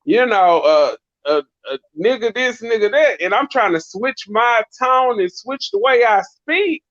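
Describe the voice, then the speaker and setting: A woman's voice: mid-range voice, expressive, unhurried, fairly bright tone, no echo. A middle-aged woman on a live-stream panel. She talks in a reflective, earnest way with long winding turns. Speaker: panel guest. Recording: dull, dry lo-fi stream audio.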